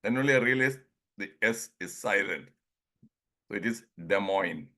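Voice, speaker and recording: A man's voice: on the low side, expressive, bright, forceful tone. Chuckling Indian English man on a call. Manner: chuckles often, acts out dialogues, drawls words slowly. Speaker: presenter leading an online group session. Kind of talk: informal talk on English pronunciation.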